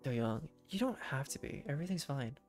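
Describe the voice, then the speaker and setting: A woman voicing a calm, gentle teenage boy who speaks quietly and steadily. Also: normal speed, soft background music. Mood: soothing. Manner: quiet, steady, low-key.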